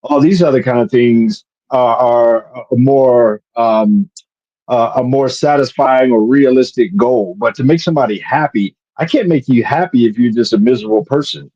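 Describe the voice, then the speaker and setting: A man with a mellow, relaxed voice talks on a podcast about marriage, working his thoughts out aloud with plenty of restarts. His audio is dull and lo-fi. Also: medium pitch, normal speed, breathy edge. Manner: thinks aloud with many restarts and fillers. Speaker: podcast co-host. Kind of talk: casual podcast chat.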